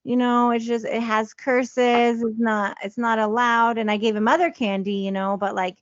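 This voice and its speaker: A woman in her thirties tells her story in a relaxed, heartfelt podcast chat, leaning on fillers as she goes. Her voice sits a little high. The recording is dry and a bit muffled. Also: normal speed, no room sound. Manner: emotional, confessional, many fillers like "you know". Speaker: podcast co-host.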